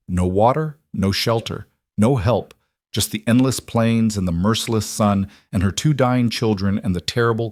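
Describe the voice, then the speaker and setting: Low-voiced man narrating a western. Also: darkish tone, no room sound, clean studio sound. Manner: measured, dramatic storytelling. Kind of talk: scripted narration.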